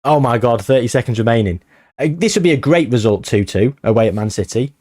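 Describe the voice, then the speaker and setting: A man giving excited, swearing commentary on a football management game he is playing. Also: mid-range voice, quick pace. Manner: animated, swearing, shouting at the match. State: out of breath. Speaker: gaming streamer.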